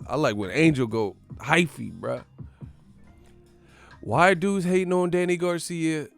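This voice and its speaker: A man hosting a boxing channel in casual, playful banter full of slang, often breaking into loud yelled movie catchphrases. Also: a little high, measured pace, vocal fry, pauses often, faint music behind.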